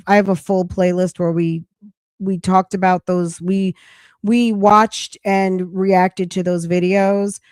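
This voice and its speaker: A woman's voice: medium pitch, darkish tone, no room sound, studio quality. A woman hosting a casual live podcast chat, rambling with restarts and saying she is losing her voice. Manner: chatty, rambling with frequent restarts. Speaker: podcast host.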